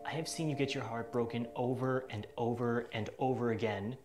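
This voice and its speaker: A man's voice: medium pitch, steady tone, normal speed, close to an everyday voice. An actor playing a meek, devoted young man who speaks earnestly and pleads with his friend, in a skit recorded in a roomy space with music underneath. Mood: pleading. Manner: soft-spoken, earnest, pleading.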